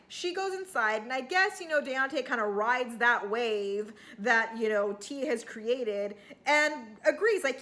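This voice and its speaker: Woman recap vlogger, high and bright, sarcastic and rambling, casual delivery. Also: animated, measured pace, hardly any pauses. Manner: chatty, sarcastic, rambling with fillers and occasional cussing.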